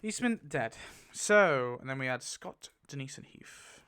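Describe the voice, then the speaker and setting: A man giving casual, excitable commentary while spinning a wheel, laughing often and mumbling lists to himself. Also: medium pitch, unhurried, clear, resonant tone. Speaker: YouTuber.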